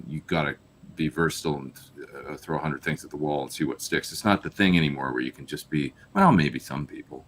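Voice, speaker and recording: A man's voice: a bass voice, fairly bright tone, slight background noise. A man from Canada, a guest musician on a live video call, talking casually and rambling with lots of fillers. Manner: rambling, trails off with many fillers.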